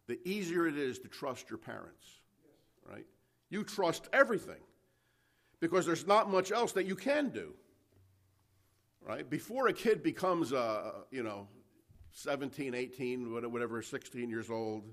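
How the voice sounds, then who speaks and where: A man's voice: medium pitch, very animated, a little slow, long pauses, fairly bright tone. A man preaching an expository sermon to a congregation, emphatic and full of rhetorical questions. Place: church service before a congregation.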